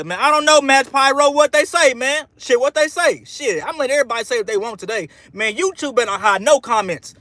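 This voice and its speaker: A man livestreams in a casual, fired-up ramble, trash-talking and answering chat while tossing "man" into nearly every sentence. His voice sits very high and sounds bright and forceful. The recording is dry and close, with no room sound. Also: expressive, a little fast, hardly any pauses, no room sound. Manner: peppers speech with "man". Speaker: sports fan livestream host. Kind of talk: casual live-stream reaction while reading chat.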